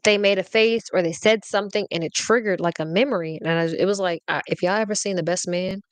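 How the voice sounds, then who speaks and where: A woman's voice: mid-range voice, steady tone, fast, clean tone, no echo. A woman hosting a podcast, telling a personal story in a casual, slangy way and often checking in with her listeners. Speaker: podcast host.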